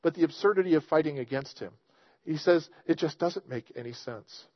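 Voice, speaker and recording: A man's voice: on the high side, fairly quick, no room sound, dull audio. A man preaching a sermon, reading scripture aloud and explaining it in an earnest, emphatic way. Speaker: pastor.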